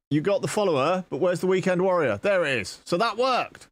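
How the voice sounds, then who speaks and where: A man's voice: sits high, lively intonation, brisk, dry recording. A man from southwest England, chatting casually and joking with his live-stream chat while coding, swearing freely.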